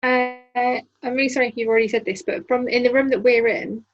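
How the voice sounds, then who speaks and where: Giggly woman player with a husky voice. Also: fairly high pitch, fairly even intonation, brisk, dull audio, soft background music. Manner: giggly, apologetic, playful. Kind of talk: playing a tabletop game.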